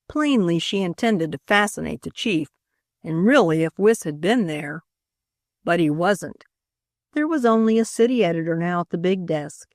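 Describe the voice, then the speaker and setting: A woman narrating an audiobook in the first person, expressive and wry, on a close studio mic. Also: fairly low pitch, no room sound.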